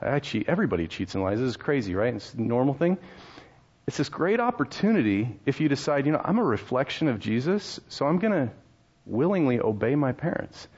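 A man's voice: medium pitch, sing-song, fairly quick, darkish tone, breathy edge. Man preaching a conversational sermon, dull recording. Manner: conversational, storytelling with laughs and rhetorical questions. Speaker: pastor.

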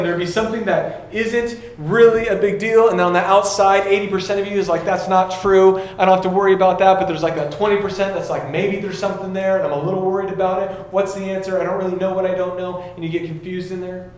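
A young man giving a casual sermon, animated and laughing, acting out voices in his stories. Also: high-pitched. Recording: very echoey room with faint ambience.

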